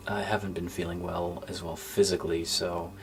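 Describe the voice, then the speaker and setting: A man talking casually to his gaming channel's viewers in a subdued, low-spirited way, halting with fillers and sometimes dropping to a near-whisper. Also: steady tone, creaky, a little hiss or hum. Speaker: gaming YouTuber. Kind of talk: casual thank-you vlog. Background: faint background music.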